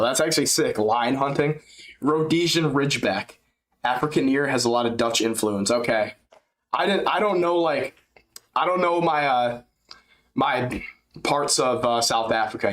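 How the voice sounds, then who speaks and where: A man's voice: medium pitch, a bit bright, rough recording. An American man hosting a casual fight-companion livestream, talking in a loose, slangy, rambling way and laughing often. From United States.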